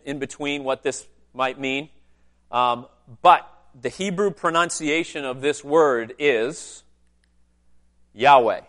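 A man's voice: a little high, fairly bright tone. Man preaching a conversational teaching sermon. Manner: conversational teaching with asides to the congregation. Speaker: pastor.

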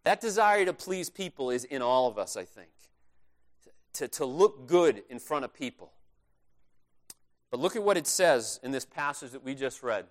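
A man's voice: medium pitch, expressive, moderate pace, long pauses. A male pastor preaching a sermon in a conversational, earnest way, stressing his key points.

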